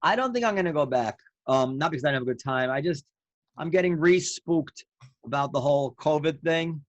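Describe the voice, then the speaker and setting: Halting man on a dry mic. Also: a little high, no echo, dull audio. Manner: halting, many restarts. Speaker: podcast co-host. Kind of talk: casual podcast chat.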